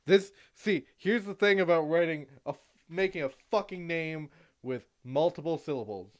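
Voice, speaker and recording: A man's voice: a little high, moderate pace. A man narrating as game master in a casual, swearing, laughing style.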